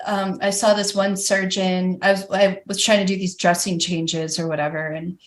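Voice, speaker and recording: Woman on a podcast, frank and animated, tons of "like"s, mid voice. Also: medium pitch. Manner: candid, animated storytelling with many "like" fillers. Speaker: guest, professional climber. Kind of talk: casual podcast interview.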